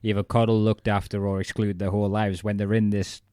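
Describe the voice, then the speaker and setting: A man's voice: fairly low pitch, little pitch movement, a little fast, a little mellow, clear, resonant tone, dry recording. A man co-hosting a casual podcast chat, rambling and thinking aloud. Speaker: podcast co-host.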